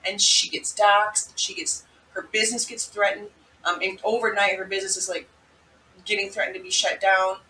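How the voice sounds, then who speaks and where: Woman, vlog host, casual commentary, bright voice, echoey room, faint background noise. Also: mid-range voice, moderate pace. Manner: chatty, animated storytelling. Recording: echoey room, mic at a distance.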